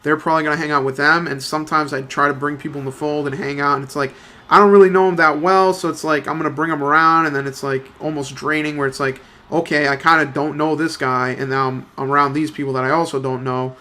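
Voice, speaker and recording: A man's voice: a little high, level tone, fast talker, bright, forceful tone. A young man in his twenties chatting casually, telling a rambling, profane story full of slang and fillers. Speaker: let's play commentator.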